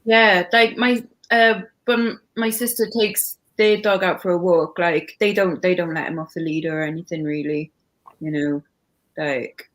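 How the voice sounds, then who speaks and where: A woman's voice: fairly low pitch, steady tone, a little slow. A woman co-hosting a casual livestream, talking with lots of fillers like "like" and "you know.". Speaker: livestream co-host. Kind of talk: casual chat.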